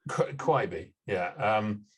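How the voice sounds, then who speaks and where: A man's voice: lowish voice, lively intonation, slow, fairly bright tone, slightly rough. A man hosting a casual film-review podcast, explaining with hedges and fillers. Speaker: podcast host.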